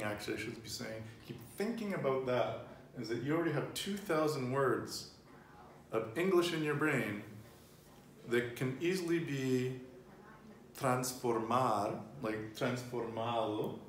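A man's voice: medium pitch, slight background noise. A man in his thirties teaching a casual Spanish lesson at home, chatty and loose, laughing easily and often restarting or wandering off-topic. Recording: roomy home recording, faint ambience.

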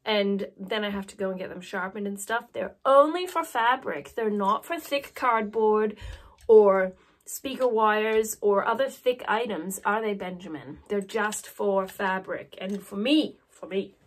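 A woman's voice: mid-range voice, unhurried. A woman in her thirties with an Australian accent, chatting to camera in a rambling, self-mocking way. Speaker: vlogger. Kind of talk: casual chat to camera.

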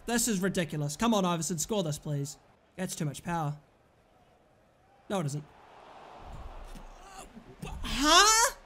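High, excitable young man. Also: moderate pace. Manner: excitable, frustrated outbursts and shouting at players. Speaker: gaming commentator. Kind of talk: live gameplay commentary.

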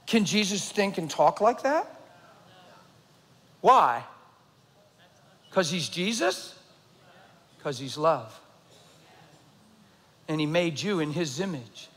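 A middle-aged man preaching a sermon, swinging between loud emphasis and a low, intense near-whisper. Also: animated, a little slow, long pauses. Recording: long hall reverb.

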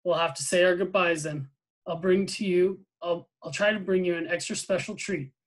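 An eager, well-meaning young boy speaks from the pages of a novel, as a man reading aloud gives him voice. His voice sits a little high, with earnest and curious questions. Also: steady tone, normal speed, poor audio.

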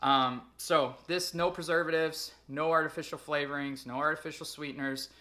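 Man, fitness trainer, casual vlog, chatty, lots of ums, bright voice. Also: on the high side, steady tone, moderate pace. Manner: upbeat, listing products and numbers with many ums.

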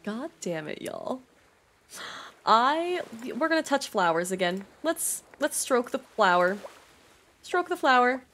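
A woman's voice: on the high side, sing-song, slow pace, a bit bright. Stressed, swearing woman streamer. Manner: stressed, swears often, laughs, reads game text aloud. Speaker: streamer playing a video game. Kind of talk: casual gameplay commentary. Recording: faint game music behind.

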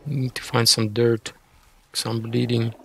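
Gravelly man muttering over gameplay. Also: medium pitch, flat delivery, a little slow, slight background noise. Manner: frustrated, rambling, self-mocking. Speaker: gaming streamer. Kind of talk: casual gameplay commentary.

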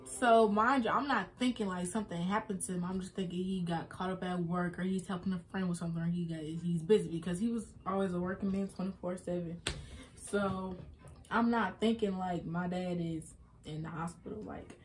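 A woman's voice: lowish voice, steady tone, fairly quick, slight background noise. A young woman vlogger speaks. She retells a hard personal story in a loose, casual way, with many fillers and restarts.

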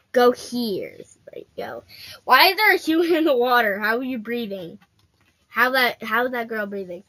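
A woman's voice: on the high side, a bit bright. A female gaming host giving casual, playful commentary straight to her viewers while she plays.

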